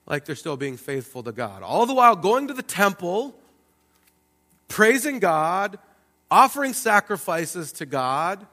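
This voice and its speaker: Male pastor, preaching, animated delivery, bright forceful voice, reverberant church. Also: on the high side. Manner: animated, acts out God's and the people's words. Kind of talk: sermon. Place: church sanctuary.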